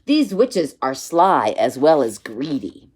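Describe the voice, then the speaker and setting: A watchful, sensible little boy from a storybook, voiced by a woman reading aloud, who speaks earnestly and warns against trickery. His voice sits in a lowish register but rises and falls lively. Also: slow, slightly rough, exaggerated voice. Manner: earnest and warning.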